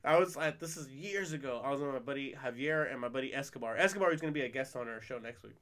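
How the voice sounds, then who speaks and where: Fast, bright-voiced man telling stories. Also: medium pitch. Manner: profane, animated storyteller, laughs often. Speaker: podcast host. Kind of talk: casual chat.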